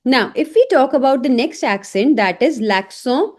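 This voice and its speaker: A woman teaching an online French lesson in English, speaking slowly and saying each example word several times. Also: high voice, expressive, a little mellow.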